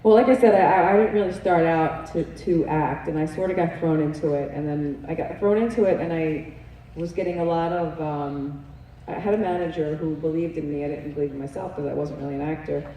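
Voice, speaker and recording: A woman's voice: sits low, fairly even intonation, a little fast, mellow. A woman with a New York accent, a guest at a convention panel, talking casually and swearing and laughing as she rambles. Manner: chatty, swears, laughs often, rambling restarts. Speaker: interview guest, actress. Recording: roomy, distant mic, faint hiss.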